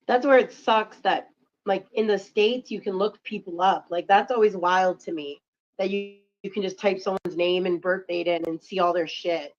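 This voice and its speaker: A woman's voice: mid-range voice, normal speed, dry recording. Woman, streamer, loose rambling chat, dull lo-fi sound. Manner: rambling, heavy use of "like". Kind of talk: casual chat.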